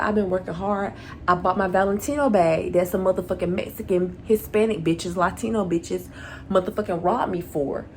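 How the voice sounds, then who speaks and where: Gravelly, profane woman ranting a storytime. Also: a little high, slight background noise. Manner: animated, profanity-laced, acts out quoted dialogue. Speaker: vlogger.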